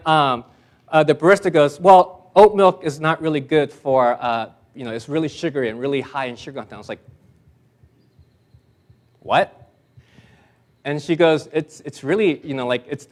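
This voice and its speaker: Guy preaching an easter sermon in church, tells stories, fairly high voice, gets worked up. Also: normal speed. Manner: storytelling, animated, self-deprecating, with restarts. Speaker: pastor. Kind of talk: conversational sermon.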